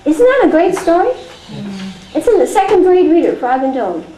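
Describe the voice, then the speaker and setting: A woman teacher telling a story and giving practical instructions in a chatty, animated way during a teacher training class. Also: very high-pitched, normal speed. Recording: echoey room with faint noise.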